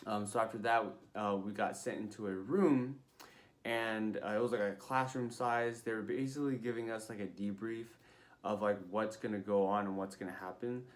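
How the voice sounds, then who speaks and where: A man's voice: lowish voice, fairly even intonation, moderate pace. A young man telling a story in a casual vlog, chatty and full of fillers, acting out what people said. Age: young adult. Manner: chatty, many fillers, acts out quotes. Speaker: vlogger.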